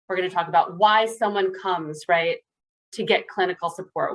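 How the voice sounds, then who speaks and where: A woman's voice: fairly low pitch, low-quality recording. A woman clinician presenting in a webinar over a video call, earnest, with frequent "right?" tag questions.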